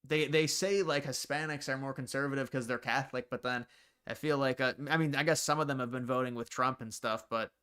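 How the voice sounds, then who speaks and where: A man chats loosely on his own livestream, wandering from point to point and answering viewers as he goes. His voice is smooth and clear. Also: mid-range voice, steady tone, fairly quick, a bit bright. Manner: rambling, answers viewers' comments. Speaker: livestream host. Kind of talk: casual livestream chat.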